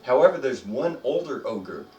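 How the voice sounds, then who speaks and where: A man narrating a tabletop adventure as game master, chatting loosely and stumbling over fillers. His voice sits at an average pitch and the room echoes around it. He is far from the microphone, with faint music underneath. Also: big pitch swings, a little mellow, lo-fi sound, slight background noise. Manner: chatty, halting with many fillers. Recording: roomy, distant mic, faint music.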